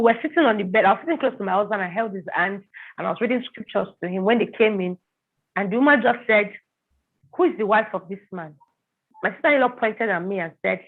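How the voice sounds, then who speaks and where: A woman telling a personal testimony in an interview, acting out the voices of the people in it. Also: medium pitch. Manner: vivid storytelling, acting out quoted voices. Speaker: guest telling her story. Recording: tinny phone-like sound.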